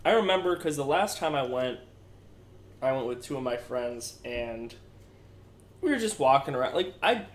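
A man's voice: medium pitch, expressive, moderate pace, long pauses, roomy sound. A young man co-hosting a podcast, telling stories in a laid-back, swearing way and laughing often. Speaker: podcast co-host. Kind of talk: casual chat.

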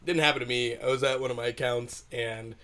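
A man's voice: mid-range voice, a little fast. A man casually telling a long funny story on a podcast, acting out the voices of the people in it and swearing freely. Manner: animated, acts out quoted voices, swears freely.

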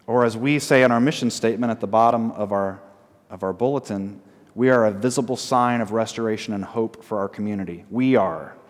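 A man preaching a sermon as pastor, often asking the congregation questions and repeating short phrases slowly for emphasis. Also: on the low side, steady tone, long reverb tail. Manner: asks the congregation frequent call-and-response questions.

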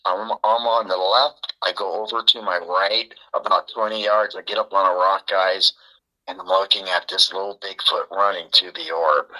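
A man, a podcast guest, telling a story in a casual, animated way and acting out the dialogue. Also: on the low side, rough recording. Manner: animated, acts out quoted dialogue.

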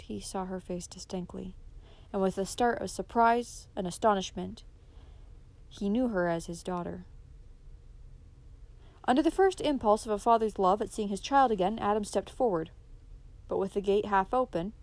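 A woman narrating a classic novel in a steady, expressive reading voice. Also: medium pitch. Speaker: audiobook narrator. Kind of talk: scripted narration.

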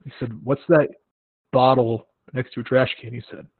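Husky young man telling stories on a tinny line. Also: medium pitch, normal speed, dry recording. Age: young adult. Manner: animated storytelling with acted-out quotes. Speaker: podcast host. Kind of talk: casual chat. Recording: tinny phone-like line, dry.

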